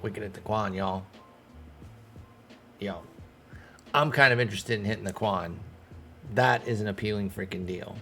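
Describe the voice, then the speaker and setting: Over soft background music, this man speaks in a lowish, bright, forceful voice at a moderate pace, pausing often. He's a gaming streamer in casual let's-play mode, managing a baseball team in a video game while thinking aloud to himself and the players.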